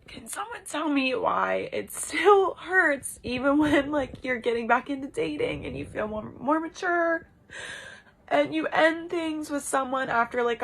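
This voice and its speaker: A woman's voice: a little high, a bit bright, low-quality recording. A woman in a confessional vlog, rambling with many fillers, upset.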